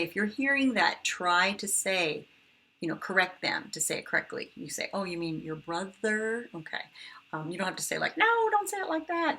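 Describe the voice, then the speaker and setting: A woman teaching a phonics lesson for children and their parents, slowly sounding out each word for listeners to repeat. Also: on the low side, bright, forceful tone. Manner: slow, exaggerated word modeling. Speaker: kindergarten teacher.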